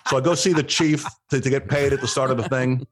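An older man on a radio show telling a long story in casual chat, acting out the quotes with rising excitement. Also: mid-range voice, quick pace. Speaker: radio guest.

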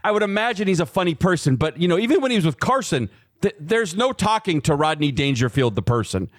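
A man's voice: fairly high pitch, very animated, fast, dry recording, clean studio sound. A man co-hosting a sports radio show, chatting in a laid-back way and laughing along. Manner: laid-back, chuckling sidekick. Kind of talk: casual chat.

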